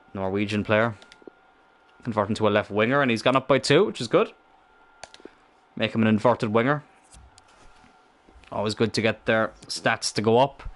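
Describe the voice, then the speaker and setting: A young man commentating his own football game in casual let's-play style, excitable and thinking aloud, swearing freely. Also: fairly low pitch.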